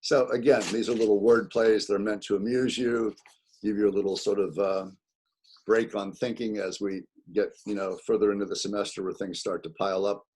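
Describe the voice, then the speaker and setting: A man's voice: lowish voice, little pitch movement, brisk, a little mellow, husky. A middle-aged man teaching a college English class over a video call, explaining points patiently with many fillers and repetitions. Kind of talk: online class lecture.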